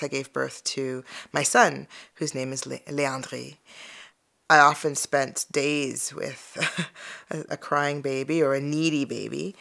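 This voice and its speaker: Woman with a low, gravelly voice; halting documentary testimony. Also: a bit bright. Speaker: mother sharing her story.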